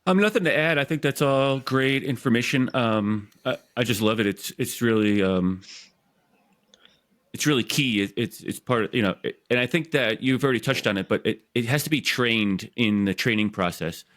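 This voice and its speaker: A man co-hosting a podcast, talking in a halting way with lots of "um"s and restarts. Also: medium pitch, fairly bright tone. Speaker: podcast co-host. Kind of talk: casual podcast chat.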